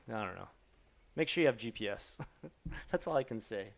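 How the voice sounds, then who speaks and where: Gravelly-voiced man rambling casually. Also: mid-range voice, moderate pace, long pauses. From Florida, USA. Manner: rambling, swears freely, animated storytelling. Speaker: live stream host answering questions. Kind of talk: casual live Q&A chat.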